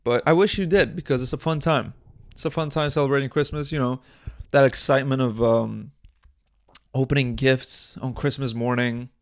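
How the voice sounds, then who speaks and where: A young man hosts his own podcast, rambling crudely from one joke to the next with bursts of mock outrage. His voice sits at an ordinary male pitch. He is close on the mic in a dry room with no echo. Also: steady tone, normal speed. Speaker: podcast host. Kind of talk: casual solo podcast monologue. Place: small indoor set.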